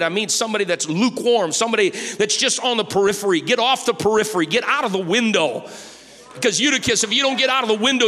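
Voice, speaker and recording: A man preaching a sermon in a church, emphatic, swinging from shouts down to whispers. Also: high-pitched. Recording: reverberant church hall.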